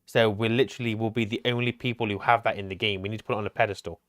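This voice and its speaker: A man's voice: on the low side, steady tone, racing, fairly bright tone, no echo, clean studio sound. A man chatting casually while playing a co-op game on stream, thinking aloud and joking with his partner. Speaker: gaming streamer. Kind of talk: casual co-op gameplay chat.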